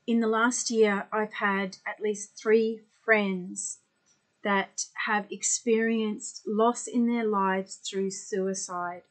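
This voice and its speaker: A woman leading a guided tapping session as an energy healer, speaking gently and soothingly with pauses. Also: medium pitch, steady tone, low-quality recording.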